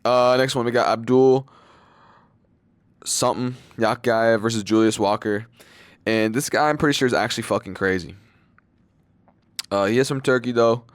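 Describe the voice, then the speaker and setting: A man's voice: mid-range voice, normal speed, long pauses, no echo. A young man giving casual, rambling fight predictions, loose and slangy, with lots of fillers and swearing. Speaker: MMA fight predictions channel host.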